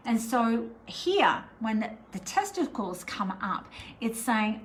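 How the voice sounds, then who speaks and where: A woman's voice: a little high, big pitch swings, slow, a little hiss or hum, poor audio. A middle-aged Australian woman, a spiritual teacher, chatting casually to camera, meandering with lots of fillers. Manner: chatty, meandering, warm and encouraging with many fillers.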